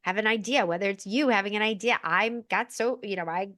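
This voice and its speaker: A woman speaking as a podcast guest in an expressive, candid, effusive way. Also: mid-range voice, dry recording, studio quality. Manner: expressive, effusive, quick asides. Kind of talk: candid conversational chat.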